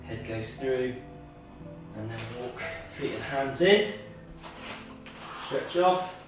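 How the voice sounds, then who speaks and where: Speaking slowly with lively intonation at a medium pitch, a man guides an exercise class that blends movement and mindfulness, explaining every step a bit breathlessly. Heavy reverb and a far-off mic color the sound, and soft music plays in the background.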